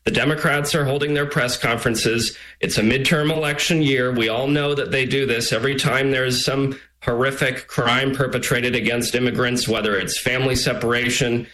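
A man, an immigration attorney, speaking as a guest in a news interview in a forceful, argumentative way. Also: medium pitch, fairly even intonation, normal speed, hardly any pauses, rough recording.

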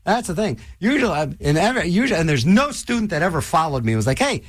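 An older man hosting a radio show, rambling and joking in a loose, animated way in a studio. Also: fast, dry recording. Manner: animated, rambling, jokey, restless pitch swings. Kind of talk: rambling radio host chat.

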